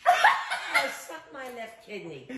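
A woman's voice: sits high, huge pitch swings, slow, reverberant, noisy background. An older woman, a grandmother, reacting bluntly to her grandson's pranks and swearing freely. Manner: feisty and foul-mouthed.

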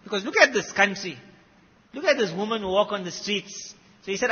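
A man from South Africa with a South African Indian English accent, telling stories in a sermon with emphatic swings between loud and soft. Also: high-pitched, lively intonation, brisk, husky. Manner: emphatic, rising and dropping loudness. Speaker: preacher. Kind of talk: sermon storytelling. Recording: muffled recording with long hall echo.

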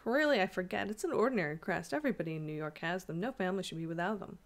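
A woman's voice: lowish voice, rapid-fire, close to an everyday voice. A woman reading the lines of a flippant, teasing young husband in a storybook, in a breezy, joking manner.

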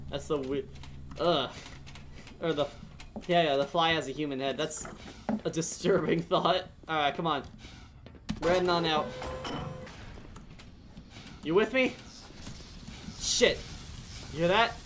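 A woman streamer giving casual gameplay commentary, laughing, swearing and reacting loudly. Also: sits low, a little slow, pauses often, background noise.

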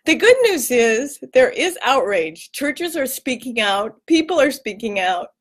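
Woman vlogger, high voice, slow and heartfelt, close to tears. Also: expressive. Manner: emotional, earnest, swings up into tearful high pitch. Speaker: vlog host giving a weekly tip. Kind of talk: heartfelt casual talk to camera.

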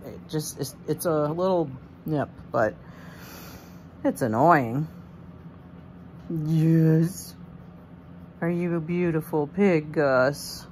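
Low-voiced woman cooing at her pet. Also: extremely slow, pauses often, a little mellow, slight background noise. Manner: coos and baby-talks to her pet. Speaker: guinea pig owner.

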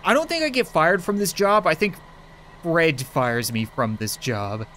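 Joking, slightly high-voiced male gamer. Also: animated, a little slow, bright, forceful tone, a little hiss or hum. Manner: joking, crude, laughs often. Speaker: gaming video host. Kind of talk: casual gameplay commentary.

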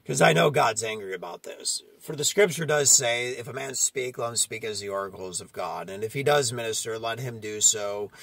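A man's voice: mid-range voice, moderate pace, vocal fry, hardly any pauses, a bit bright. A man preaching a fiery sermon, confronting his listeners and often asking "okay?" between his points. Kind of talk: street-style sermon.

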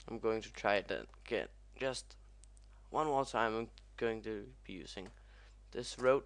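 Young male let's-player, slow unhurried delivery with sudden cursing yelps over a crash, keyboard clicking behind. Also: lowish voice. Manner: excitable, swears a lot, yelps at crashes. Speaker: gaming commentator. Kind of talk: let's play commentary.

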